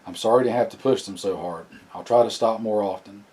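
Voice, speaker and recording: A man reading the part of a weary, capable soldier leading a family, calm and reassuring in an audiobook. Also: fairly quick, natural voice. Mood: steady. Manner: calm, low-key, reassuring.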